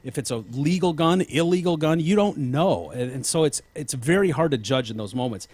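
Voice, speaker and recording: A man's voice: a little high, expressive, moderate pace, a little mellow, slightly rough, no room sound. Man with a dry, rambling manner. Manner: rambling with frequent restarts and swearing. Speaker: podcast host. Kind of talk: casual chat.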